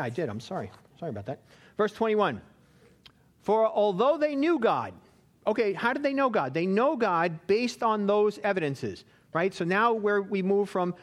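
Bible class teacher, male, high voice, casual conversational delivery. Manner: chatty, checks in with listeners with "right?".

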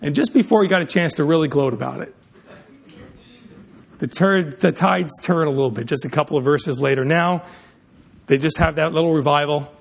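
A man's voice: fairly high pitch, moderate pace, creaky, long pauses, breathy edge. A man preaching a sermon, emphatic, often restarting and repeating words mid-sentence.

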